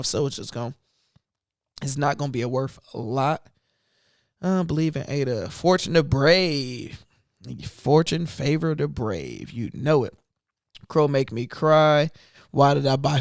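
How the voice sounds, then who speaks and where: A man's voice: on the high side, no room sound, studio quality. A man hosting an investing channel, chatting loosely about his trades in casual speech. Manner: loose and conversational, talking through trades. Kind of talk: casual livestream chat.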